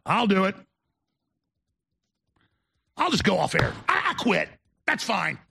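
Male host, high, husky voice, tense and hard-edged, combative mocking rant with shouted bursts. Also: wildly swooping pitch, takes it slowly. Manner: stammering restarts when worked up. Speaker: talk show host. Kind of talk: ranting monologue to viewers.

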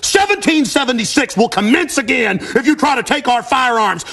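A gravelly man in a heated archival interview, insistent and refusing to be cut off as he talks over the interviewer. His voice sits fairly high. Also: expressive, brisk, fairly bright tone, slight background noise. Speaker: interviewed radio host.

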